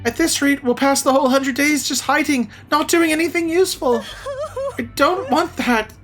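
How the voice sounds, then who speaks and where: A man's voice: normal speed, a bit bright, soft background music. A man voicing a fiery teenage girl in a video game, defiant and pleading. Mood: fed up. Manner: high-pitched, pleading, defiant.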